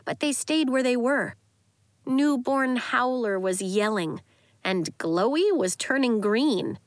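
Expressive woman narrating a children's book. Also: fairly high pitch, takes it slowly, no echo. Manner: lively, expressive storytelling. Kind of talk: audiobook narration.

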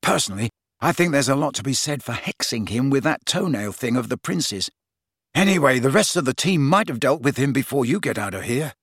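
A man's voice: medium pitch, expressive, fairly quick, a bit bright, breathy edge, dry recording, studio quality. A man reading an audiobook, voicing an easygoing teenage boy with a casual, reasonable, teasing manner. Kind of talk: audiobook character voice.

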